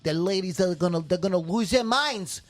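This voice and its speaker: A man with a fairly high voice hosts a podcast in loose, casual chat. He rambles, cracks jokes and laughs at his own slips, keeping things playful and unpolished. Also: moderate pace. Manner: rambling and jokey, often laughing at himself. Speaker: podcast host.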